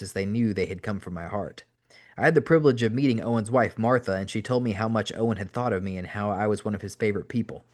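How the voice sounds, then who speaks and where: A man, a podcast host, reading an audiobook aloud in an amateur style, now and then correcting his own slips. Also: fairly low pitch. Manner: steady reading with occasional self-corrections.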